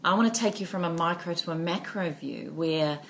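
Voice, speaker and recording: A woman's voice: fairly low pitch, fairly quick, crowd noise. A woman co-hosting a podcast in casual chat, reflective and storytelling, with many fillers. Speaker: podcast co-host.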